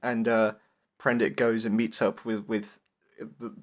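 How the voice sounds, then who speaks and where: A man's voice: on the low side, flat delivery, a little slow. Chatty man retelling a film script. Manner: retells plot in a chatty, laughing way. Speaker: podcast co-host. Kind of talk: casual review chat.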